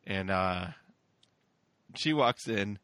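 A man's voice: lowish voice, animated, drawn-out words, a bit bright, no echo. A man co-hosting a podcast, recapping a film in casual chat, joking and laughing often. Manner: jokey, laughs often, does mocking voices. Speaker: podcast co-host.

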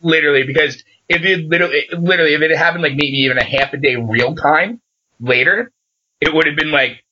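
A man recaps a game session in easy, casual talk. He slips into the quoted lines as he goes and plays out each exchange. His voice is bright and husky, and the recording sounds muffled. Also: fairly high pitch, fast talker. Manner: animated storyteller who acts out quoted dialogue. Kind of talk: casual chat.

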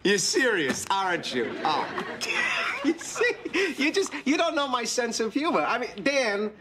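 An actor playing a flustered, blustering office worker who sputters denials through nervous laughter in a sitcom. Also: male voice, very high voice, wildly swooping pitch, measured pace, heavily acted. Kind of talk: sitcom acting. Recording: sitcom audio with audience laughter and noise.

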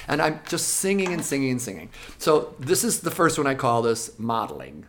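A music teacher explaining classroom methods in an interview, lively and now and then acting out classroom voices. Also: mid-range voice, moderate pace, few pauses.

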